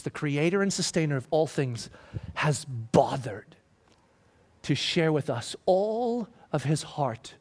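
A middle-aged man preaching a sermon, emphatic and building in rising waves before dropping quiet and slow. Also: a little high.

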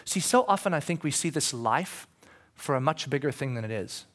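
The pastor, a man with a mid-range voice, preaches expressively at a moderate pace inside a church. He chats with the congregation, puts questions to them, and ranges from soft moments to shouting.

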